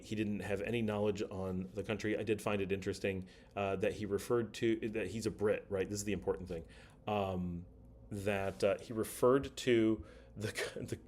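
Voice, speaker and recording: A man's voice: fairly low pitch, darkish tone. A middle-aged man hosting a casual livestream, chatting and reading viewer comments aloud. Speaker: livestream host.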